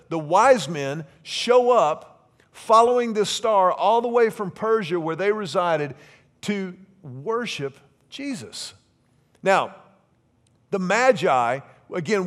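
A middle-aged man preaching a sermon to a congregation, animated and joking, drawing them in with questions. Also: sits high. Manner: animated, joking, asks the congregation to call out answers. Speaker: pastor.

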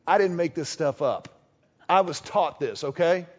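A man preaching a sermon, lively and conversational, acting out short quoted exchanges as he goes. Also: fairly high pitch, normal speed, muffled recording. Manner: animated, acts out little quoted exchanges. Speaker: pastor.

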